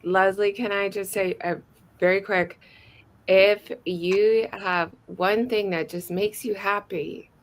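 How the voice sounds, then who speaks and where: A woman guest chats casually at a slow pace. She talks emphatically and says her points twice for weight. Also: medium pitch, fairly even intonation. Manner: chatty, emphatic, repeats herself. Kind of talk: casual chat.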